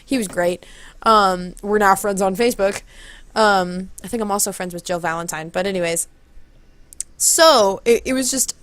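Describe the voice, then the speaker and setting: A woman telling a long story casually on her vlog, rambling and acting out quotes, speaking into a close handheld mic. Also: moderate pace. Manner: rambling, animated, acts out quotes in high voices. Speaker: vlogger. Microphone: handheld corded mic held close.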